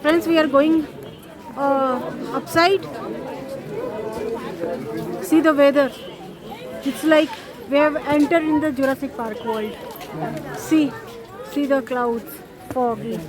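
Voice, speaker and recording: A woman's voice: high voice, fairly even intonation, takes it slowly, long pauses. A woman hosting a walking tour vlog outdoors, chatting to her viewers as friends. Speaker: vlog host. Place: outdoor zoo among visitors. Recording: crowd of visitors behind.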